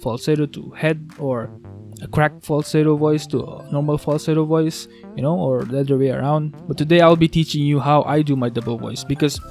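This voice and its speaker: A man teaching a beatbox vocal technique in a casual tutorial, talking haltingly with restarts as he works out how to explain it. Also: medium pitch, a little mellow. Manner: halting, restarts, thinks aloud.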